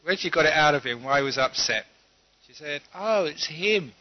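Relaxed, chuckling male Buddhist teacher. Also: on the high side, no room sound. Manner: relaxed, chuckling storyteller with pauses. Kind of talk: humorous dharma talk with storytelling. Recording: dull lo-fi talk recording.

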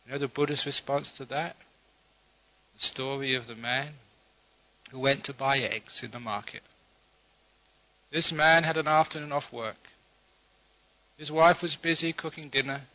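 A male Buddhist teacher tells a parable in an easy, chuckling way and leaves plenty of pauses. His voice sits at a middle pitch. The recording is slightly dull and lo-fi. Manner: relaxed, chuckling storyteller with pauses. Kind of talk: humorous dharma talk with storytelling.

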